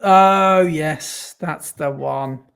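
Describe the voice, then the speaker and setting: A man's voice: a little high, extremely slow, vocal fry, a bit bright, clean tone. A man co-hosting a casual podcast, chatty and rambling, often correcting himself mid-sentence. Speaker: podcast co-host. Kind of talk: casual chat.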